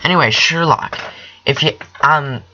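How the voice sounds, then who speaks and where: Excitable rambling young man, lo-fi. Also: a little high, unhurried, a little hiss or hum. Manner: rambling, excitable, self-correcting. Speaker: podcast host. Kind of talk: casual solo chat about TV shows.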